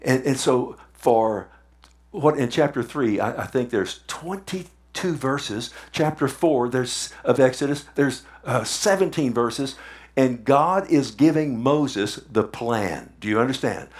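A male pastor preaches in a mid-range voice, neither high nor low. He talks to his listeners directly, tossing them questions and repeating words to drive his points home. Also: animated, slow. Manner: conversational, asks the audience questions, repeats for emphasis. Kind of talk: sermon.

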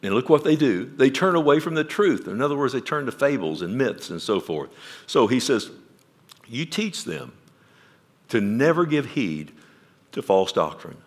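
Pastor guy preaching, gets loud then drops quiet, keeps asking amen?. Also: mid-range voice, very animated, normal speed. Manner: asks the congregation questions. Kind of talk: sermon.

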